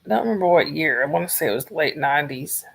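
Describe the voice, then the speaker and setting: A woman from Georgia, chatting softly and rambling on a livestream while losing her voice. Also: low-pitched, lively intonation, quick pace, gravelly, slightly rough. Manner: soft-spoken, rambling, talks to chat viewers by name. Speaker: livestream host. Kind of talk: casual livestream chat.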